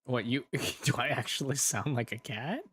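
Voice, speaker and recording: A man's voice: mid-range voice, lively intonation, moderate pace, a bit bright, breathy edge, no echo. A man hosting a casual livestream who laughs often and rambles in a self-deprecating way while he reads chat messages aloud and answers them. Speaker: ASMR creator hosting a livestream.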